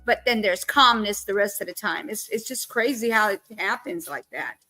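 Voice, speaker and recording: A woman's voice: mid-range voice, moderate pace, sharp tone, faint music behind. Outspoken woman hosting a livestream. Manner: outspoken, scolds rude viewers. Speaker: livestream host. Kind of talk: casual livestream chat.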